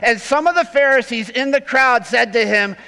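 A man preaching a sermon as pastor, swinging from loud emphatic peaks to quiet asides. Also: very high voice, normal speed, smooth, in a large hall, low-quality recording.

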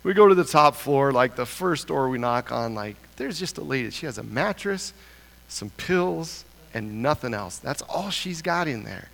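A pastor from Idaho telling a humorous, self-deprecating story in a sermon. He talks in an animated way and chuckles often. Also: medium pitch, normal speed, creaky. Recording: long reverb of a large hall.

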